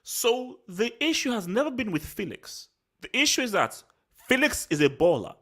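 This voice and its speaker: Heated football vlog host, lively swooping pitch, slangy and repetitive, openly angry. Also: normal speed. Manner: animated, repetitive, slangy and self-assured; worked up and angry. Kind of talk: solo post-match reaction rant.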